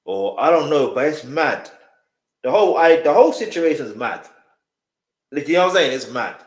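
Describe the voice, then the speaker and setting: A man's voice: on the high side, big pitch swings, normal speed. A man hosting a reaction video, commenting emphatically and repeating his points to viewers. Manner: emphatic, repeats himself, speaks straight to viewers. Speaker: reaction host. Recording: roomy echo.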